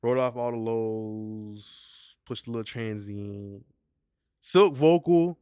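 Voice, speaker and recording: A man's voice: fairly low pitch, slow, darkish tone, clean tone, no room sound, studio quality. A man hosting a casual vocal mixing tutorial, talking in a slangy, laid-back way and often asking "you feel me". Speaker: mixing engineer tutorial host.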